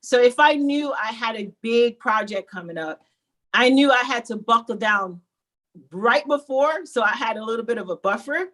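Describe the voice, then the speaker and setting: Animated woman sharing her story. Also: a little high, moderate pace. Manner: animated, candid, conversational. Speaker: program client and guest. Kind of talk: candid personal storytelling.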